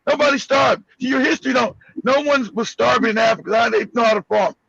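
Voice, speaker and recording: A man's voice: very high-pitched, fast talker, creaky, fairly bright tone, breathy edge, lo-fi sound. A man hosting a show, reacting to news clips with blunt, profane, mocking commentary and a lot of repetition. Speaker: host.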